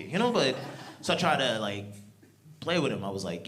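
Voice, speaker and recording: A man in his thirties from New York doing stand-up in a club, his pitch a touch high and swinging widely as he tells slangy stories with laughing asides. A noisy crowd reacts around him. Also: sing-song, quick pace. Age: 30s. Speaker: stand-up comedian. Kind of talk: stand-up comedy set. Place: comedy club with live audience.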